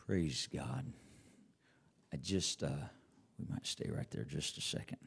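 A man's voice: a bass voice, lively intonation, unhurried, creaky, breathy edge. A man preaching as a church elder, retelling scripture in a conversational way and voicing its characters. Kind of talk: sermon.

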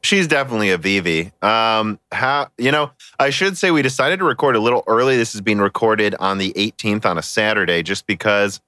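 A man's voice: lowish voice, brisk, hardly any pauses, bright, forceful tone, no room sound, clean studio sound. A man hosting a casual hardware podcast, chatty and joking, often laughing between words. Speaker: podcast host.

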